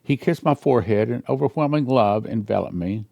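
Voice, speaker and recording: An older male pastor with a gravelly, earnest voice, reading a dream account aloud as part of a sermon. His tone turns hushed and emotional when he shares a personal memory. The sound is dry and close. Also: mid-range voice, brisk, few pauses, dry recording. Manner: earnest, grows emotional and quiet when telling a personal story.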